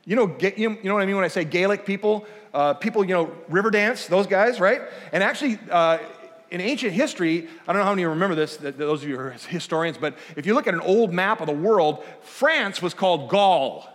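A man giving a conversational guest sermon, animated and self-deprecating, acting out dialogue as he tells a story. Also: high-pitched, quick pace, few pauses, in a large hall. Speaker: guest speaker. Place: church auditorium.

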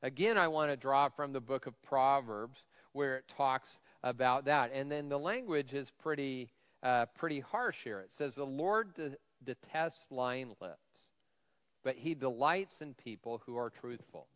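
A man preaches a casual, joking sermon in a reverberant church hall. His voice is a bit whiny yet smooth and resonant, and he keeps the talk loose with fillers and jokes at his own expense. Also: medium pitch, a little slow, a bit bright. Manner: self-deprecating humor, frequent fillers. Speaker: lead pastor. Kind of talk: conversational sermon. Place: church sanctuary.

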